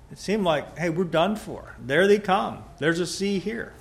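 A man preaching a sermon, rising to loud emphatic peaks and dropping to quiet, soft passages. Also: a little high, a little slow, few pauses.

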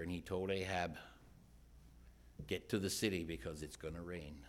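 A man preaching a sermon in church, earnest, moving between loud questions and hushed retelling. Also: low-pitched, steady tone, normal speed, long pauses, slight background noise.

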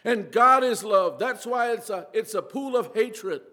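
A high-pitched man delivers a sermon with earnest conviction. He repeats his phrases and slows down to stress his points. His voice rings with a long hall reverb. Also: bright, forceful tone. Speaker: preacher.

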